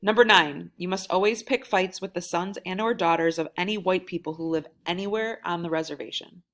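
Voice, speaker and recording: Woman, audiobook-style reading, wry first-person storytelling, fairly low voice. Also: brisk, fairly bright tone. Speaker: audiobook reader. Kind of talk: reading a novel aloud.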